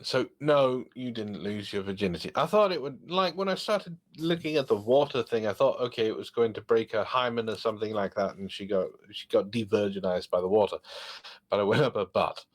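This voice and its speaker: A man hosting a casual podcast, reading funny online stories aloud and joking about them with animated asides. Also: fairly low pitch, brisk. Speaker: podcast host.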